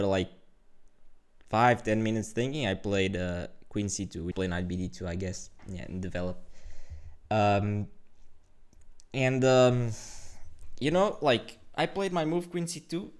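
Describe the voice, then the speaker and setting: A young man telling a lively, casual story about his chess game, full of fillers like "like" and "you know". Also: on the low side, unhurried, long pauses. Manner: animated storytelling, lots of fillers. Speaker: chess streamer.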